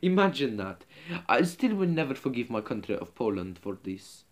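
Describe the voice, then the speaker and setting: A man's voice: very animated, normal speed. A man ranting in character to his viewers as their host, rambling and hesitant with lots of ums and restarts, and he keeps calling them comrades. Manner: keeps addressing viewers as comrades, dropping low on the word. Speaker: channel host. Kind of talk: in-character comedy rant to camera.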